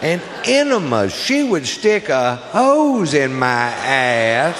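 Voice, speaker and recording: A man's voice: mid-range voice, wildly swooping pitch, takes it slowly, few pauses. Stand-up comic, man from Texas, crude drawling storyteller; live theater sound with audience noise and a long reverb. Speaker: stand-up comedian. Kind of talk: stand-up comedy routine. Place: large theater stage.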